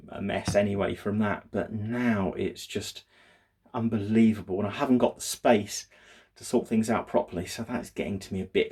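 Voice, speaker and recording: A man talking in a casual daily video diary, rambling and hesitant with many fillers, sounding low and downbeat. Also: darkish tone, husky. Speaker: vlogger.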